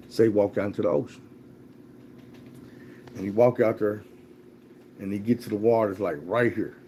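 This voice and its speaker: Blunt, mellow-voiced male storyteller. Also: on the low side, fairly even intonation, moderate pace, pauses often, a little hiss or hum. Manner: blunt, profane, repetitive. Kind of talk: casual storytelling, motivational.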